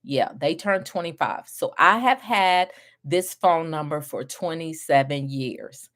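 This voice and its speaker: Slow-talking woman telling a story. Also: deep voice. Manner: animated storytelling, laughs often, acts out quotes. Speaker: group home business mentor. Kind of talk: storytelling to viewers.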